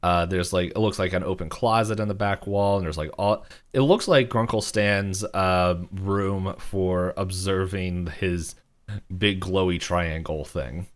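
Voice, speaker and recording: A man's voice: sits low, measured pace. A young man co-hosting a podcast, recapping a cartoon episode in a loose, rambling way, filling with "like" and acting out characters' lines. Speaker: podcast co-host.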